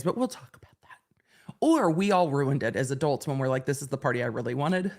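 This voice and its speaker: A woman in her forties hosting a casual livestream from home, chatting in a rambling way and laughing easily. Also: a bass voice. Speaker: livestream host.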